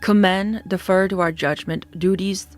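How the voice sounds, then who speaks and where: A woman's voice: medium pitch, steady tone, moderate pace, close to an everyday voice. Woman putting on an icy Russian soldier woman. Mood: cold, commanding. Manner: curt, clipped, icy orders. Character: cold, stern Russian woman soldier in her thirties.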